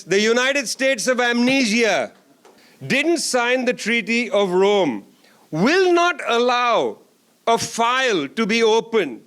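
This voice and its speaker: A man's voice: extremely high pitch, a bit bright, smooth. A man giving a closing keynote at a conference, speaking emphatically with sarcastic asides and repeated lines. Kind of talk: political speech. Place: conference hall.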